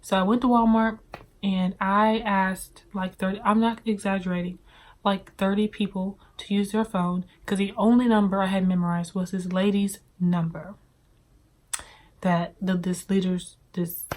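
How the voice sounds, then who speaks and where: A young woman from the American South recounts her own story with earnest feeling. Her speech comes in halting stretches, with frequent fillers and restarted sentences, in a Southern US accent. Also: medium pitch. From Southern United States. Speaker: testimony speaker. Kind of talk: personal testimony storytelling.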